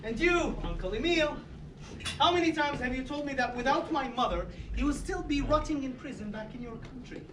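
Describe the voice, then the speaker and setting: A man's voice: extremely high pitch, fairly bright tone, slight background noise. An actor playing a grieving young man who pleads with his family, in a live stage play recorded from a distant microphone in a roomy space. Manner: earnest, pleading stage delivery.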